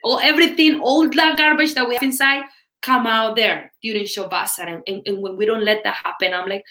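Yoga-teacher woman guest with a higher, emphatic, expressive voice, recorded in a roomy space. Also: brisk. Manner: expressive, emphatic, lots of repetition. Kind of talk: interview guest, casual talk.

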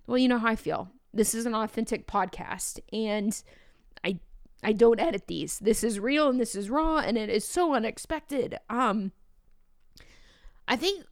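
A woman's voice: fairly high pitch, unhurried, no room sound. A young woman hosting an unedited solo podcast, talking candidly and encouragingly, emotional at times, close to the mic. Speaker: podcast host.

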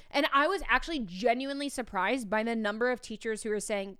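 A woman's voice: a little high, fairly quick, clean tone, no room sound, studio quality. A woman in her thirties, a teacher hosting a podcast, telling a story in a casual way and acting out the dialogue with lots of fillers. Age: 30s. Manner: animated, acts out quoted dialogue, many fillers.

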